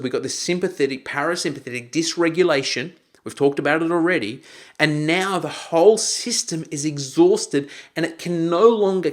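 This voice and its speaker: A man coaching a group, teaching with acted-out examples and raising his voice for quoted lines. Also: fairly high pitch. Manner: animated, acts out shouted quotes.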